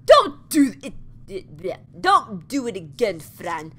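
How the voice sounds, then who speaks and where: A woman doing a stern, bossy male orderly in a game, scolding a patient in a bright, forceful voice. His pitch swings up and down as he lays down the rules. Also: very animated, measured pace, full character voice.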